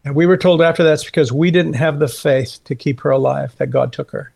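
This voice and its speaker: A middle-aged man with a high, light voice tells a personal story as an interview guest. He is earnest and animated, and he voices each person's lines as he goes. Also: a little fast, gravelly. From California. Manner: earnest, animated storyteller who acts out quoted dialogue. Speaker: guest, Christian author.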